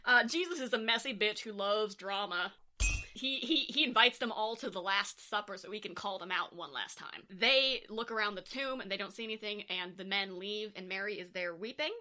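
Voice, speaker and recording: A woman's voice: mid-range voice, moderate pace, bright, forceful tone. A woman co-hosting a casual comedy podcast, reading scripture aloud and cracking sarcastic jokes between the verses. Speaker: podcast co-host.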